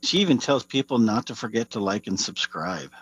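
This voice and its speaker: Man, husky voice, reads tasting notes, remote call-in, dry sound. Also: lowish voice, animated, a little fast, a bit bright, dry recording, lo-fi sound. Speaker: whiskey segment regular. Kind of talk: reading product notes on air.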